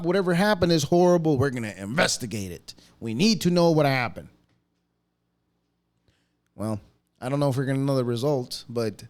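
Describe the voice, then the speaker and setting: A man hosts his podcast with a loose, swearing, mocking rant. His voice sits high for a man and jumps all over the place as he gets worked up. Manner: profane, mocking, animated ranting with laughs. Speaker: podcast host. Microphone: podcast mic.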